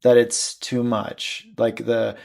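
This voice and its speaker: A man's voice: mid-range voice, completely flat delivery, slow, gravelly, a little mellow. A man hosting a conversational interview, asking questions hesitantly. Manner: hesitant, many fillers and restarts. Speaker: podcast host.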